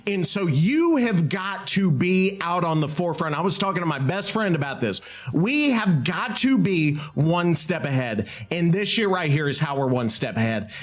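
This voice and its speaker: A man hosting his own show in a casual, rambling way, excitable and swearing freely. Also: on the high side. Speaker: host. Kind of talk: casual talk while using AI tools.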